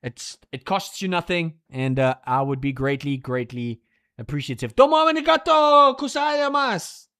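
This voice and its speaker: A man hosting a live race watchalong stream, giving excitable, profane, ranting commentary. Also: medium pitch, normal speed, no room sound, clean studio sound.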